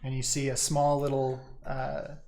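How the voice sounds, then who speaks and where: A game master narrating a tabletop game, halting with fillers and laughing often. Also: medium pitch, little pitch movement, a little mellow, a little hiss or hum.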